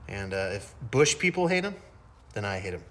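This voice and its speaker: A man's voice: lowish voice, big pitch swings, moderate pace. A middle-aged man chatting casually while working in his home garage, joking and poking fun at himself. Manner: joking, self-mocking, rambling. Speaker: hobby mechanic host.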